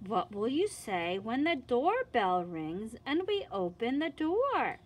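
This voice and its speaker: A woman, a children's librarian, reading a picture book and singing a song to young children in an animated, sing-song manner. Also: fairly high pitch, slow pace, few pauses.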